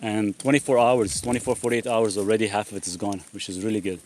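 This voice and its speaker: A man's voice: lowish voice, flat delivery, fast, a little mellow, slight background noise. A man hosting a casual live Q&A outdoors in a backyard with chickens. He rambles, restarts his sentences and leans on the word "actually". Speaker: host.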